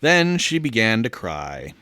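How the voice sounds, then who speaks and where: A man co-hosting a comedy podcast, reading a story aloud and joking, giggly and animated. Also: mid-range voice, takes it slowly, dry recording, studio quality. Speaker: co-host and story reader. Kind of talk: comic story reading with ad-libs.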